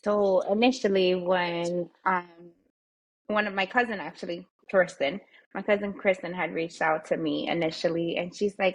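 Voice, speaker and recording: A woman's voice: medium pitch, fairly even intonation, moderate pace, highs cut off. A woman in her late twenties or thirties talks as a podcast guest, candid and blunt, with a mid-range voice. She swears freely and drops into the voices of the people she quotes as she tells her story. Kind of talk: casual storytelling chat.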